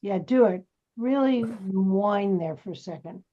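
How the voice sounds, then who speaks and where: A woman's voice: medium pitch, a little slow. A woman acting teacher coaching students through a scene, brash and teasing as she pushes them. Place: acting class studio. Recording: dull lo-fi recording.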